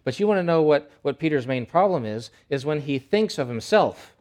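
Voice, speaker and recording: A male pastor preaching a sermon in an animated, conversational way, with emphatic repetition. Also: a little high, brisk.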